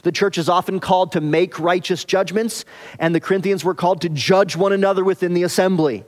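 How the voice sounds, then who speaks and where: A pastor with a fairly high voice delivers an earnest expository sermon. He presses hard on some phrases, then drops soft and slow on others. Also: steady tone.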